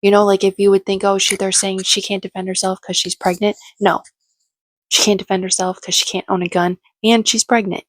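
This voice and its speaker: A woman's voice: mid-range voice, level tone, brisk, no echo. A woman giving casual, sarcastic, opinionated commentary as she recaps a reality show.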